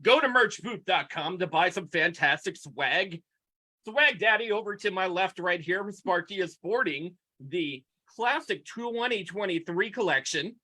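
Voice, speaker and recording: A man co-hosts a casual podcast over a video call, quick to joke and tease. His voice runs fairly high and bright, and it jumps around a lot in pitch. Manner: animated, joking, quick to tease. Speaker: podcast co-host.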